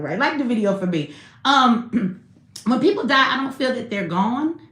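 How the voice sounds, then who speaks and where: A woman's voice: on the high side, fairly bright tone, reverberant. A woman in her thirties hosting a casual live stream, talking candidly in slang and laughing often.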